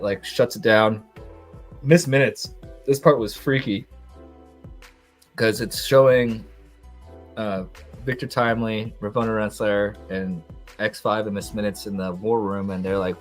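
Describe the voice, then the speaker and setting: A young man hosting a podcast, recapping a TV episode in a rambling, excitable way with lots of fillers. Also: sits low, normal speed, faint music behind. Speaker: podcast host.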